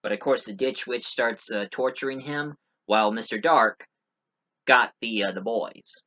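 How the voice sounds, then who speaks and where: A man's voice: medium pitch, measured pace, pushed and bright. A man giving a casual spoken movie review, rambling with many fillers and restarts.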